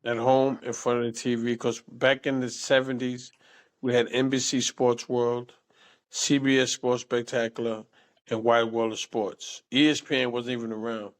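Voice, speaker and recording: Older male guest, animated, salty storyteller, mid-range voice. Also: medium pitch, moderate pace. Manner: animated, salty, repeats words and says "man" often. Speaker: interview guest. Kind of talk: casual storytelling.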